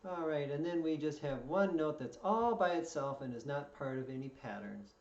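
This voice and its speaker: A man's voice: on the high side, lively intonation, a little mellow, faint music behind. Male fiddle instructor, patient, counts in; distant, roomy, dull recording. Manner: patient, counts in slowly before each play-through. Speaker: fiddle teacher. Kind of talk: step-by-step music lesson. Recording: echoey room, distant mic, dull sound. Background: fiddle playing.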